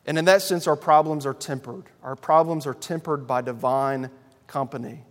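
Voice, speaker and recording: A man preaching a sermon to a congregation, emphatic and building through loud repeated lists. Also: fairly high pitch, moderate pace, big-room sound. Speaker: pastor.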